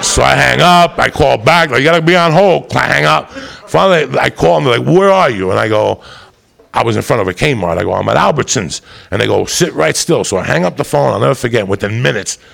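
A man's voice: medium pitch, fairly quick, a bit bright. A man telling a rambling, profane comic story, often laughing as he goes. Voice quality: gravelly.

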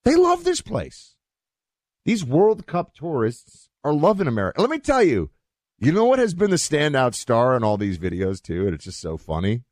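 A man's voice: medium pitch, big pitch swings, moderate pace, a little mellow, dry recording, studio quality. A man hosting a talk show, chatting in a rambling, casual way with many restarts and fillers.

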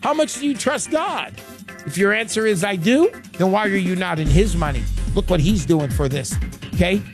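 A man's voice: high-pitched, animated, moderate pace, over music. A man hosting a call-in radio show, talking in an emphatic, salesy way and repeating words for punch.

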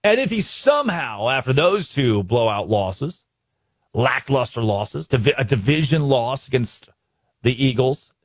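A man's voice: medium pitch, big pitch swings, measured pace, dry recording, studio quality. A man from Arkansas hosting a sports talk show, ranting emphatically and restarting his sentences. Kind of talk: animated sports commentary.

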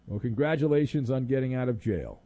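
A man's voice: medium pitch, animated, a little fast, mellow. A man hosting a sports talk radio show, sarcastic and mock-exasperated with callers.

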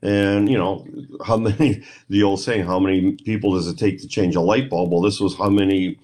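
A man's voice: sits low, moderate pace. A middle-aged man telling a rambling story in an interview, acting out the voices of the people in it. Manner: rambling, animated retelling with quoted voices. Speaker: guest, paranormal investigator.

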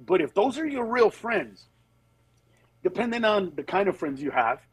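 A man, a comedian guest, telling stories in casual chat, animated and acting out other people in high voices, then turning earnest. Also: normal speed, breathy edge, low-quality recording. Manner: turns earnest and reflective. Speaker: comedian guest on a talk show.

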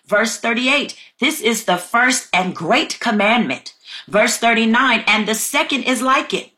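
A woman delivers a fervent sermon in a bright, forceful voice. She reads scripture aloud and calls her listeners family, breaking in with exclamations of praise. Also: a little high, animated, a little slow. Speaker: preacher.

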